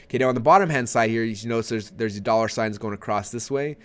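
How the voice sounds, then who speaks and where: A man presenting a marketing webinar in an energetic, conversational way, often checking in with his audience. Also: mid-range voice, quick pace.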